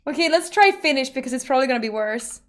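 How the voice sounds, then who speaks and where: A woman streamer chatting casually and rambling to her viewers, now and then breaking into loud laughing rants. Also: high-pitched, lively intonation, fast.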